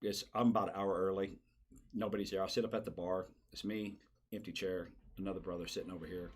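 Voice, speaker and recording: Male guest, quick animated storyteller for a casual talk show. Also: sits low, husky. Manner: animated storyteller, acts out quoted voices. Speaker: guest telling stories.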